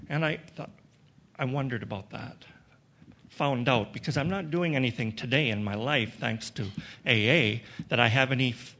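Middle-aged guy from western canada sharing his recovery story, halting and thoughtful, lots of restarts, bit of dry humor. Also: mid-range voice, sharp tone. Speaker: recovery meeting speaker. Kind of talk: personal story shared with an audience.

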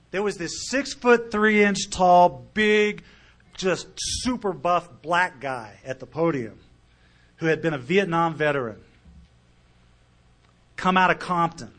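A middle-aged man speaking to a meeting about his recovery, telling his story earnestly and emotionally, with loudness that rises and falls. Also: sits high. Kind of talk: recovery talk to a live audience.

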